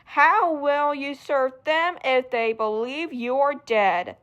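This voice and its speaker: Cold mocking shadow servant read by a woman, slow, bright tone. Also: sits high, lo-fi sound.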